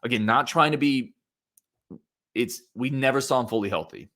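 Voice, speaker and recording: A man with a medium-pitched voice and a bright, forceful tone hosts a sports podcast solo at a moderate pace. He talks casually and opinionatedly, reads listener comments, and frequently restarts sentences amid plenty of fillers.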